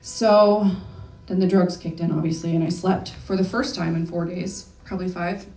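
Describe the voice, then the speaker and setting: A woman's voice: lowish voice, steady tone, moderate pace, darkish tone. A young woman talking candidly and emotionally in a personal story talk, with casual swearing. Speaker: speaker. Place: event hall. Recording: echoey room from far off.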